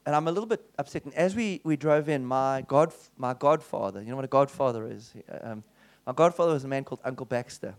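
A South African man preaches, recounting his personal testimony as a story. His mid-range voice moves fast, with lively swings, frequent restarts, and asides.

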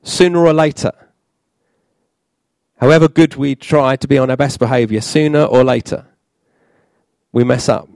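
A man preaching a sermon in a church, halting, with many fillers and restarts. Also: medium pitch, fairly even intonation, a little mellow, no room sound.

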